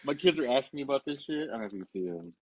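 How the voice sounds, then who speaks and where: Middle-aged guy, low husky voice, laid-back self-mocking chat, dry close sound. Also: expressive, rapid-fire, no echo, rough recording. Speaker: podcast co-host. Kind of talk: casual chat.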